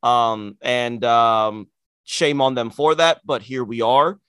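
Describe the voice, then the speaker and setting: An opinionated male co-host in casual talk, animated and sarcastic as he argues his point. The sound is dry and close. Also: medium pitch, takes it slowly, smooth, no echo. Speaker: podcast co-host. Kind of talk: casual wrestling chat.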